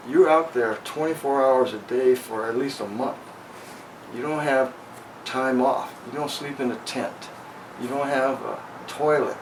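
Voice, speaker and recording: Man in his 60s, recorded from a distance. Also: medium pitch. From Los Angeles, USA. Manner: frank storytelling. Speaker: veteran interviewee. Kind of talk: oral history interview. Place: at his home. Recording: distant mic with air conditioner hum. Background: air conditioning hum.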